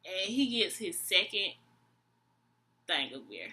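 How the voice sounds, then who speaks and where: A woman's voice: medium pitch, slow. Exasperated young woman telling a story. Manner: animated, acts out both sides of the dialogue; slangy, dry and exasperated. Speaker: vlogger. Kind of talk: storytime vlog.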